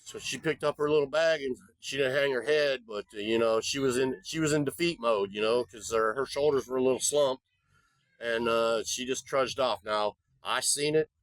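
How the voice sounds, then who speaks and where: A man's voice: medium pitch, moderate pace, no echo. A man vlogging, telling a rambling story in a folksy, profane, casual way. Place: abroad in the Philippines.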